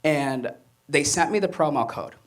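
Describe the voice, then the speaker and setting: A young man does stand-up on a comedy club stage, audience laughter around him, telling animated stories and acting out quoted voices. His voice is a little high and his speed normal.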